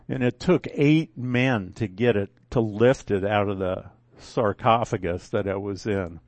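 An older man giving a conversational sermon at a very slow, deliberate pace, drawling through folksy asides and stopping to correct himself. His voice sits at a middle pitch and sounds dry and close, with little room around it. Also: darkish tone, no echo. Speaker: preacher.

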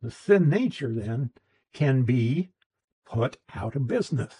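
Slow, husky-voiced man teaching scripture. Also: medium pitch, lively intonation, dark tone, low-quality recording. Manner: explains grammar patiently, with frequent restarts and asides. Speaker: Bible teacher. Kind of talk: verse-by-verse Bible teaching.

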